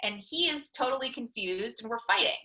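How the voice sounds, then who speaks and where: A woman speaks with a crisp, bright tone and a slightly high pitch, leading a counseling webinar. She explains ideas through everyday personal examples, pausing often with "um" as she thinks. It sounds like an online talk over shared slides. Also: expressive, rough recording. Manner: personal examples, frequent "um" pauses. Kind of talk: conversational webinar lecture.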